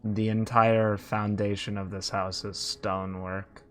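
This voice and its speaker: A man's voice: fairly low pitch, little pitch movement, measured pace, fairly bright tone. Man voicing Jungler, a sleepy snake man. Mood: plain. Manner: drowsy, plain-spoken. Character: sleepy cold-blooded male snake man guard. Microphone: home mic on an online call. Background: background music.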